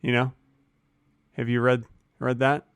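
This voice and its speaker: A man in his fifties co-hosting a comedy podcast, playing dumb in a deadpan way with absurd claims. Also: medium pitch, measured pace, clear, resonant tone, no echo. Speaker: podcast co-host. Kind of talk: improvised comedy chat.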